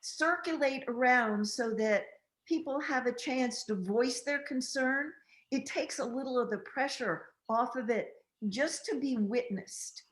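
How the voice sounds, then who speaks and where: An older woman, a relationship counselor, telling a story in a gentle, measured and unhurried way during a group interview. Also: a little high, roomy sound, rough recording.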